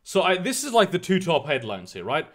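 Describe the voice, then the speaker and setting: During casual live-stream commentary, a man reads the news and answers chat, rambling, swearing in exasperation, and frequently restarting. He speaks briskly in a fairly high, a bit bright voice with huge pitch swings.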